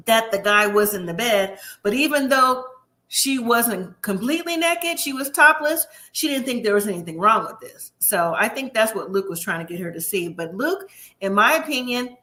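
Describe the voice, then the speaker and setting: Woman, recap host, bright and chatty, opinionated, higher voice. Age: middle-aged. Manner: chatty, opinionated, quotes the cast in lively voices. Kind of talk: casual TV recap commentary.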